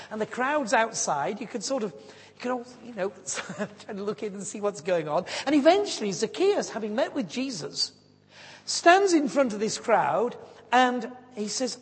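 A woman preaching a sermon, telling stories with lively acted-out voices. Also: mid-range voice, breathy edge. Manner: animated storyteller acting out voices. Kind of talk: sermon storytelling. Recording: long hall reverb.

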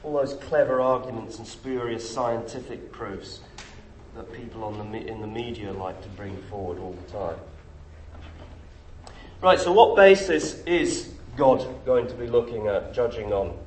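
A middle-aged man preaching a sermon, emphatic and full of rhetorical questions. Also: unhurried. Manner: emphatic, rhetorical questions, lively pitch swings. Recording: echoey room with faint noise.

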